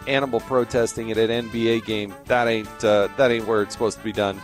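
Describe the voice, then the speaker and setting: A man's voice: lowish voice, flat delivery, fairly quick, faint music behind. Folksy American talk-show host man. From American West. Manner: folksy and emphatic.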